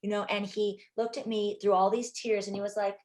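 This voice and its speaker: A middle-aged woman filmmaker, telling stories from a shoot in an interview, animated and quick to act out what people said. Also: mid-range voice. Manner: animated, acts out quotes, many fillers. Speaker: filmmaker guest. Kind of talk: interview storytelling.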